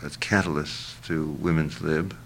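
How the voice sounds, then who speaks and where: An older man being interviewed, answering in a halting, reflective way with many fillers and restarts. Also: a bass voice, fairly even intonation, creaky, fairly bright tone, a little hiss or hum.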